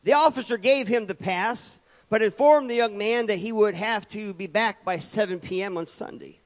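A man with a high voice preaches at normal speed from a church pulpit. As pastor, he drives his message home with rhetorical repetition and calls for amens.

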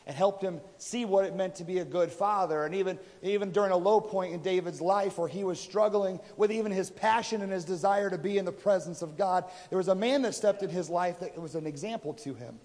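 A man's voice: high voice, a little fast, hardly any pauses, a little mellow. A man preaching a sermon, retelling a story in a casual, conversational way and voicing the people in it. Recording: reverberant hall.

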